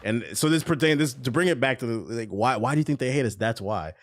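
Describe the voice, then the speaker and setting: A man streaming a game while telling a story casually, animated, swearing and laughing a lot. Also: medium pitch, fast. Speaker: gaming streamer.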